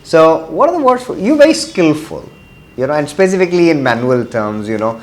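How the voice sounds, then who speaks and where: A man's voice: a little high, sing-song, fairly quick. A man giving a test-prep vocabulary lesson, often switching into Hindi and repeating key words for emphasis. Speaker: vocabulary teacher.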